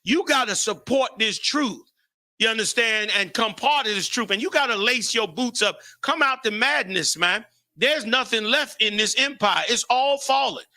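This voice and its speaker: A man with a very high, sharply bright voice leads a live talk show. He talks with preacherly fervor and calls out to the room with loud, energetic shout-outs. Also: moderate pace. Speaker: show host.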